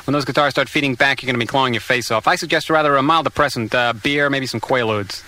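Man doing a deadpan radio 'doctor' host, rapid-fire, bright, glib, comedy radio sketch. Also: medium pitch, no room sound, close to an everyday voice. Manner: brisk, deadpan, glib one-liners.

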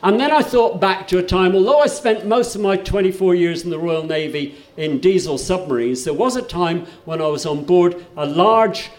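An older man, a folk singer and storyteller, tells a funny, wry story on stage between songs as a live introduction, chatting and often restarting his sentences. His voice sits high with a darkish tone, at normal speed with few pauses, and the sound is reverberant.

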